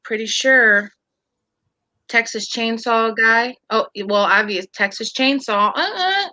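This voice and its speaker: A woman co-hosting a casual chat podcast, telling animated stories, swearing freely and acting out the people she quotes. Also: a little high, slow, rough recording. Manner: animated storyteller, swears, acts out quotes loudly. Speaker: podcast co-host.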